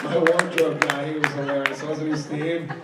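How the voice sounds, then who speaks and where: An actor in his thirties answers fan questions on a convention panel, telling comedic stories, joking and acting out the people in them. His voice is fairly high and flat at a normal speed, recorded from far off in an echoey, large convention hall with a loud crowd and heavy background noise.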